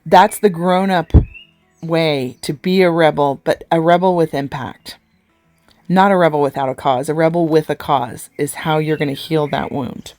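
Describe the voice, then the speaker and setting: A woman's voice: deep voice, moderate pace, darkish tone, dry recording, faint music behind. A woman life coach giving an earnest live coaching talk, asking many rhetorical questions and getting emotional.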